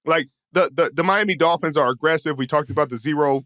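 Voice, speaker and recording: Bright-voiced man, laid-back chatting. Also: on the high side, quick pace, no echo, studio quality. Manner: relaxed, hesitant, lots of "you know what I mean". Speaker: guest, former football player. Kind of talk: casual chat.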